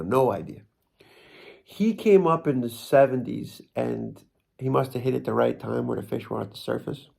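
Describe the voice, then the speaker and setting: Brief: gravelly New Jersey guy, rambling comic storyteller who makes fun of himself. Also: medium pitch, dark tone. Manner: rambling, self-mocking, frequent restarts and laughs.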